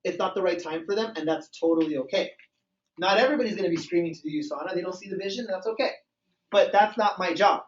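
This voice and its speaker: High-voiced male sales trainer, echoey room. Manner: energetic, acts out phone calls and dialogues. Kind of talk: motivational training talk. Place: meeting room with a live group. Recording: echoey room, far from mic, dull sound.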